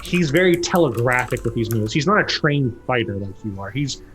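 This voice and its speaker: A man narrating a tabletop game as game master, who breaks into loud, high voices for the characters. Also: brisk, faint music behind. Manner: lively, acts out characters with loud jumps in pitch.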